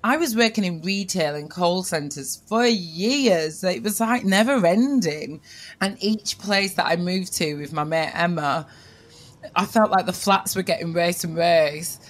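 A woman with a Northern English accent, a TV presenter telling her personal story in an animated way, with her voice jumping for quoted speech. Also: fairly low pitch, a little slow.

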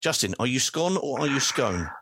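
A man's voice: mid-range voice, big pitch swings, normal speed, a bit bright, slightly rough. A man with an English accent hosting a podcast, reading out listener messages in a jokey, chatty way. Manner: jokey, chatty, wordplay asides. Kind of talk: casual chat.

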